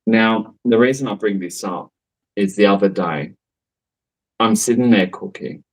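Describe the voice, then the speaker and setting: A man who works as a psychic medium tells a story in a casual, rambling way, full of fillers, asides and laughs. He speaks unhurriedly in a voice on the low side. The recording is rough.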